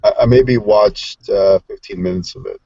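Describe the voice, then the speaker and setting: A man's voice: on the low side, moderate pace, dark tone, no room sound. A man joining an online group chat from his phone, talking in a laid-back, hesitant way. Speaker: participant in an online discussion. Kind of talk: casual group video chat. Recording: dull lo-fi phone audio.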